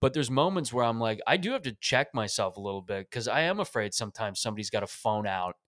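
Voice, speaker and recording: A man's voice: on the low side, animated, quick pace, a bit bright, no echo. A man hosts a podcast. He talks in a loose, joking way, swearing freely, and the sound is dry and close to the mic. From Canada. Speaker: podcast host. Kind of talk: casual podcast chat.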